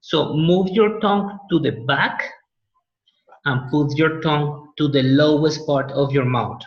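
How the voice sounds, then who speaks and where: A man's voice: fairly high pitch, measured pace. Male teacher, echoey dull audio. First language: Spanish. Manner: explaining patiently, repeats words for pronunciation. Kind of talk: online class lecture.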